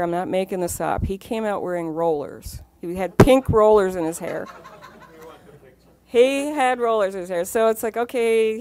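A woman, a former magazine editor, telling lively anecdotes on a panel at a library event and acting out the quotes. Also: mid-range voice, smooth, no room sound. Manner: lively storyteller, laughs often, acts out quotes.

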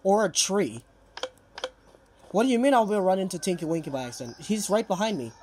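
A man's voice: high voice, expressive, brisk, darkish tone. Jittery young man playing a game. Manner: jittery, frequent panicked outbursts. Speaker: game player. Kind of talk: casual gaming commentary.

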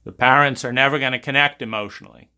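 A man's voice: mid-range voice, fairly even intonation, quick pace, sharp tone, clean tone. A man teaching about trauma in an intense, impassioned monologue, swearing and hammering points through repetition. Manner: intense, profane, repetitive emphasis.

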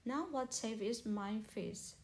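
A woman's voice: a little high, slow. A woman voicing a bookish young male fish schoolboy in a storybook, explaining patiently and earnestly.

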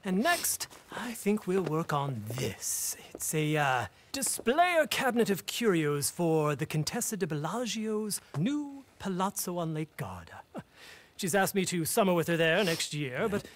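A man's voice: sits high, sing-song, measured pace. An actor playing a flamboyant, fussy, aristocratic male collector in a video game, gushing and snobbish. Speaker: game character.

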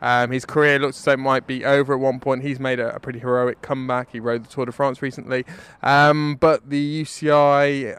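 A man's voice: medium pitch, level tone, fairly quick, few pauses, a bit bright, smooth, no echo. A man, giving a wry, rambling spoken dispatch as a correspondent. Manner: wry, rambling, self-mocking.

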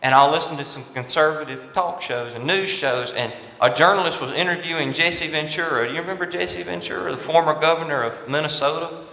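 A pastor preaches with a bright, forceful voice, pitched a little high for a man. He hammers his points through repetition, and his words ring out through a large, reverberant church sanctuary. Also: a little fast, creaky. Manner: emphatic preacher, repeats and stresses key phrases. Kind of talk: sermon. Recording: echoey church hall with long reverb.

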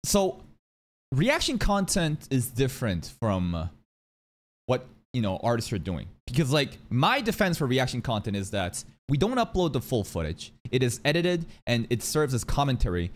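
A man's voice: medium pitch, sing-song, moderate pace. A man giving casual, blunt reaction commentary, swearing freely and arguing his point. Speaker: reaction streamer.

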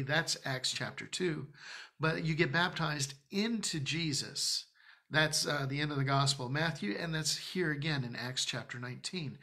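A man preaching in a church with a gravelly edge to a bright, sharp voice, a little higher than most men. He teaches from scripture in an emphatic, conversational manner and breaks off now and then for joking asides. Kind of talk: Bible-study sermon.

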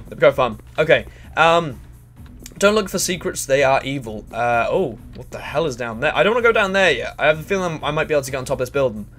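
A man giving crude, excitable let's play commentary and chatting to the characters in the game. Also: fairly high pitch, a little fast. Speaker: gaming channel host.

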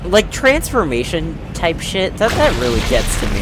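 A man's voice: a little high, huge pitch swings, normal speed, noisy background. A young man doing casual, joking gaming commentary, swearing and laughing at himself. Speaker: let's play gamer.

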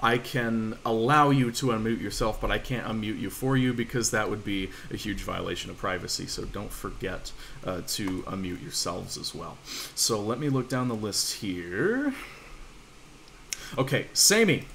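Relaxed man teaching an online class. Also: on the low side, moderate pace, gravelly, slight background noise. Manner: casual, reassuring, fillers and restarts. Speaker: language teacher. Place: home room, online voice call.

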